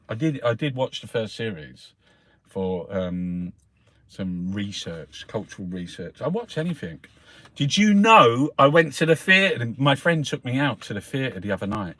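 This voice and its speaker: A man's voice: on the low side, a bit bright, dry recording. A man from South London with a Cockney accent, rambling in a casual monologue, swearing constantly and calling the listener mate. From South London, England. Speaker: host reviewing the newspapers.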